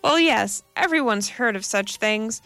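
Woman doing a sharp, impatient man. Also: on the high side, lively intonation, measured pace, no echo, faint music behind. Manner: sharp, demanding. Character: sharp, impatient man scolding his friend.

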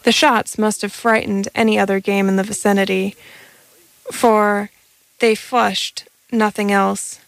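A woman's voice: medium pitch, level tone, measured pace, creaky, no room sound, low-quality recording. A woman reading a science fiction story aloud in a plain way, with occasional stumbles. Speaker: narrator.

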